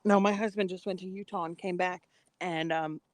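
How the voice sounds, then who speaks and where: A woman's voice: fairly low pitch, moderate pace, slight background noise. A woman, co-hosting a podcast in casual spiritual chat, telling stories with lots of acted-out quotes. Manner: animated storytelling, acting out quoted voices. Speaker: podcast co-host.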